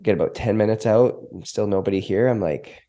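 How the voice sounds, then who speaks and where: A man's voice: lowish voice, a little fast. Emotional man telling a story. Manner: emotional, animated storytelling with acted quotes. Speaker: podcast guest. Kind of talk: storytelling in an interview.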